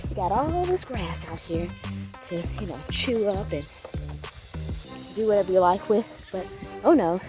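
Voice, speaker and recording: Woman, farm owner, casual vlog chat, filler-heavy, mid pitch, music bed. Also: lively intonation, a little slow, pauses often, dark tone. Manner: chatty and informal, with frequent ums. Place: outdoors around a small farm.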